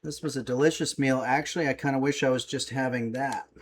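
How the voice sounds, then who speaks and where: A man's voice: medium pitch, fairly even intonation, quick pace, slight background noise. A man hosting a home-kitchen cooking stream, chatting casually and loosely with lots of fillers as he reads out viewer comments. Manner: rambling, filler-heavy, easygoing. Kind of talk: casual livestream cooking demo, reading chat.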